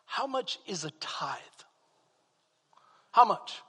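A man with a Texan accent preaching a sermon as pastor, swinging from quiet asides to fervent exclamations. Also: high voice, sing-song, slow pace, slightly rough, long reverb tail.

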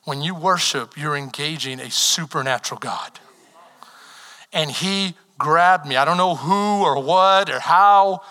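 A man preaching a sermon as pastor, telling stories with animation and building to shouted calls to the congregation. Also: on the high side, a little slow. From Texas. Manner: animated storytelling, rising to shouted exhortation. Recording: long hall reverb.

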